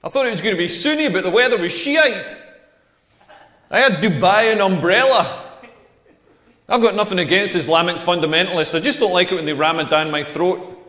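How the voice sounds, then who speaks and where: A man's voice: high-pitched, a little fast, sharp tone. A man playing a cheeky stand-up comedian who delivers crude pun jokes in a set. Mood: deadpan. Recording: echoey club hall.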